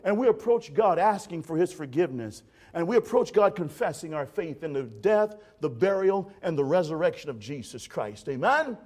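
A man's voice: fairly high pitch, big pitch swings, normal speed, few pauses, darkish tone, slightly rough. A man preaching a sermon in an emphatic, dramatic way, addressing the congregation directly.

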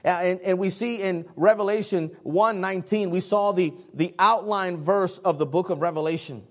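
A man preaches an evening sermon in a church, earnest and emphatic, often pausing on fillers. His voice sits fairly high for a man. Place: church sanctuary.

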